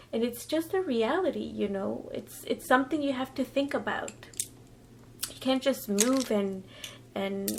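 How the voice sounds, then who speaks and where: A woman in her thirties, talking through a chatty get-ready-with-me vlog with lots of fillers, emotional and warm toward her viewers. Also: fairly high pitch, slight background noise. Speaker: beauty vlogger.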